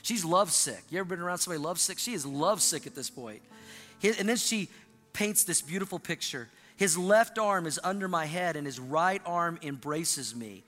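A male pastor delivers an animated sermon, his voice high and sharply bright. He gets the congregation to repeat lines back to him. The sound carries the long reverb of a large church hall. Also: a little fast, faint music behind. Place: church sanctuary.

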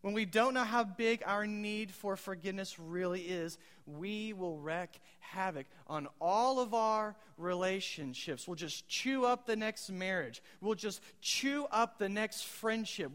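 High-voiced man preaching in a reverberant hall. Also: a bit bright. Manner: conversational preaching with audience questions and quoted one-liners. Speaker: pastor. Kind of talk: sermon.

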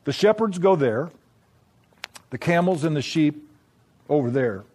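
A man narrating a scripted story in a reflective, measured, gently wry way. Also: on the high side, animated.

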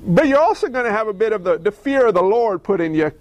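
A man preaching a sermon, telling stories in a conversational, animated way and asking the audience questions. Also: high-pitched, fast, no echo. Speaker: pastor.

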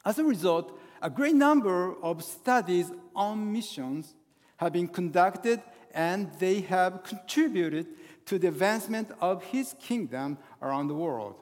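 High-voiced man preaching, halting. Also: lively intonation. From Japan. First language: Japanese. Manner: halting, full of hesitations and restarts. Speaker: guest pastor. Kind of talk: sermon. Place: church sanctuary. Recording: long hall reverb in a church.

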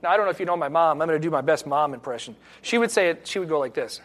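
A man's voice: on the high side, lively intonation, racing, a bit bright. A middle-aged male pastor giving an earnest, reflective sermon with personal stories.

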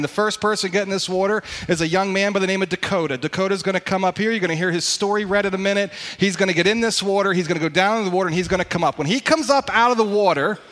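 High-voiced man preaching a sermon. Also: fairly bright tone. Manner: conversational, emphatic preaching with pauses. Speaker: pastor. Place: church sanctuary.

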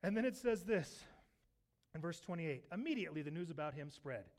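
High-voiced animated male pastor. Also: brisk. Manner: animated storytelling, acts out voices from the scripture. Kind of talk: sermon. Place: church sanctuary.

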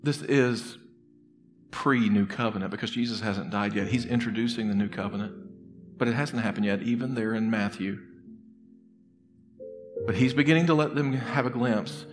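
A man preaching a sermon as a pastor, talking conversationally and earnestly, moving between soft, confiding stretches and loud, emphatic bursts. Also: on the low side, moderate pace, pauses often. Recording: long reverb in a hall with music underneath.

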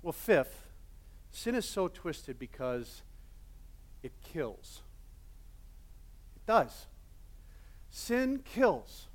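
A male pastor preaching a sermon in a casual, animated storytelling manner with many fillers. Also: a little high, drawn-out words, pauses often.

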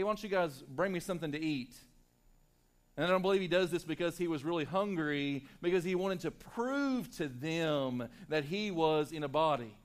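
A male pastor preaching a sermon to his church, swinging between loud, emphatic lines and hushed, quiet ones. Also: high voice. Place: church sanctuary.

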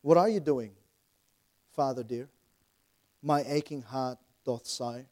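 A man preaching a sermon and reading a poem aloud, earnest, quick phrases that fall away softly, with frequent restarts. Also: mid-range voice. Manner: earnest, fast then trailing softly.

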